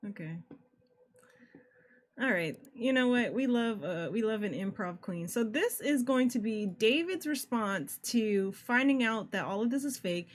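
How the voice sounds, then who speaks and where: A woman streaming a game playthrough, reacting excitably, swearing and laughing as she talks. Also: fairly high pitch, unhurried. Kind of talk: casual playthrough commentary.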